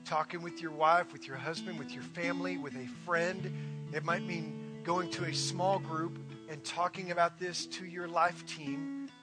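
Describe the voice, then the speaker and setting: A middle-aged man preaching a sermon as a pastor, building to loud, emphatic declarations and then easing into a soft, guided prayer. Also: a little high, steady tone, measured pace, over music.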